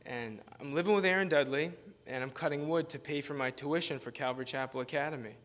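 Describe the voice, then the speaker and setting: 男性 気さくに語るゲスト牧師. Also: male voice, a little high, fast, fairly bright tone. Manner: casual, rambling, self-deprecating, laughs often. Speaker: guest pastor. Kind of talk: informal sermon with storytelling.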